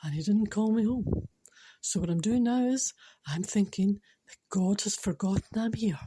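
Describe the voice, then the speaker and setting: A woman's voice: mid-range voice, moderate pace, dark tone, a little hiss or hum. A woman with a Scottish accent telling a moving story and giving a spiritual talk, chatty and emotional, laughing often.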